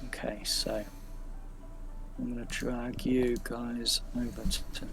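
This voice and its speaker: A man in a mid-range voice runs a tabletop game at an unhurried pace. He trails off into fillers as he works through the rules. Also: medium pitch, level tone, gravelly, noisy background. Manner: hesitant, many fillers, fumbles with the software. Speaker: game master.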